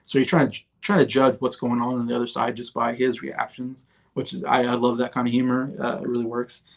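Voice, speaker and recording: A man's voice: mid-range voice, level tone, brisk, creaky. A man in his thirties hosting a casual movie review livestream, chatty and rambling, with many fillers and restarts. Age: 30s. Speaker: host.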